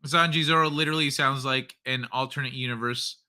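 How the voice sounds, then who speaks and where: Man, streamer host, casual late-night chat, profane and loose, bright tone. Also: mid-range voice, fairly even intonation, a little fast.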